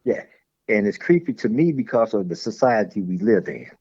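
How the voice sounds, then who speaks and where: A man's voice: fairly low pitch, big pitch swings, moderate pace, a little mellow, slightly rough, no echo. A man who is a guest in a casual conversation, telling rambling stories and repeating words as he goes. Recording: dull lo-fi sound.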